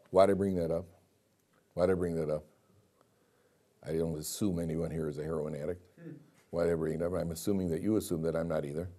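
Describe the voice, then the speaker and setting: Man teaching an animated Torah class. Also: low-pitched. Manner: animated, asks the class questions and repeats lines; reads Hebrew verses aloud slowly, then explains them.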